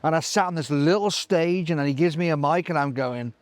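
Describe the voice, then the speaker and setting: A middle-aged live sound engineer telling animated stories in an interview, acting out other people's voices with many restarts. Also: male voice, a little high, fast talker. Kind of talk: anecdotal interview chat.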